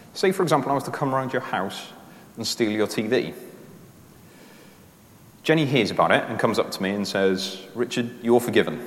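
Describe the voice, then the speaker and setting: A man preaching a sermon in a conversational way, explaining his points step by step with everyday examples. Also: mid-range voice. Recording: roomy echo with long reverb in a hall.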